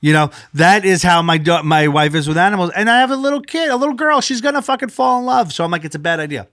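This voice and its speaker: A man in his thirties tells a story on a podcast, cursing freely and acting out every line of dialogue. His pitch swings high and low as he performs the quotes. The sound is close and dry, with no room around it. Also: fast, no room sound. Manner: animated, swears freely, acts out quotes. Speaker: podcast co-host. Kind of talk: casual storytelling chat.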